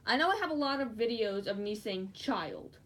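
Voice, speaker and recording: A woman chatting casually while she crafts, giggling often and breaking into excited squeals. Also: mid-range voice, moderate pace. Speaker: fursuit maker streaming live. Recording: distant mic with faint background noise.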